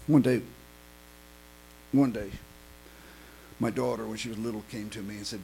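A pastor preaching a fervent sermon, filling pauses with "uh" and swinging between loud cries and hushed storytelling. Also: male voice, medium pitch, huge pitch swings, vocal fry, a little hiss or hum, rough recording.

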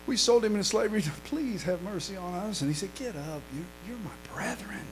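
A middle-aged man preaching a sermon as a pastor, dropping to quiet storytelling and rising to shouted, half-sung lines. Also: a little high, lively intonation, brisk, vocal fry, few pauses, slight background noise, poor audio.

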